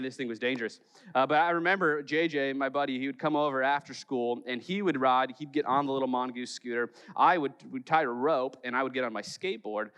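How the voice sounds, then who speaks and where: A pastor from Chicago preaching a sermon in church, telling stories with jokes and playful acted quotes. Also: male voice, mid-range voice, a bit bright, in a large hall. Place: church sanctuary.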